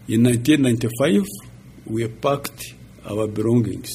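A man in his sixties, a pastor giving a halting, chuckling personal testimony. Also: medium pitch, mellow, slight background noise. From Uganda. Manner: slow, halting storytelling with chuckles.

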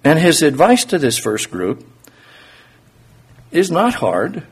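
Husky-voiced preacher, lively and conversational. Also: male voice, on the high side, takes it slowly. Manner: conversational, uses rhetorical questions. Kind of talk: sermon.

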